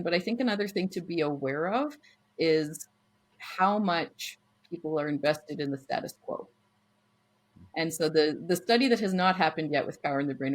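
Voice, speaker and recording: A woman's voice: low voice, rough recording. A woman speaking as a podcast guest, a social worker explaining her ideas thoughtfully and searching for words as she goes. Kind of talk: casual conversational interview.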